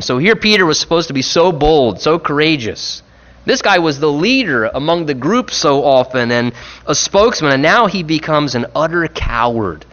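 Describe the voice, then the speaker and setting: A man's voice: a little high, expressive, a bit bright. Earnest male preacher, dull recording. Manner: earnest, reflective, with emphatic rises and slowed key phrases. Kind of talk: sermon.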